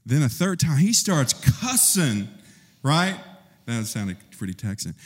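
A man preaching a sermon in an animated way, acting out the people in the story as he goes. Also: measured pace. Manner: animated, acts out quotes with rising pitch. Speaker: pastor. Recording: long hall reverb.

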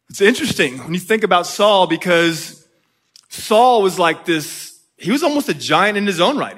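A man's voice: high voice, a bit bright. A man preaching a sermon in a conversational way, often checking in with his listeners.

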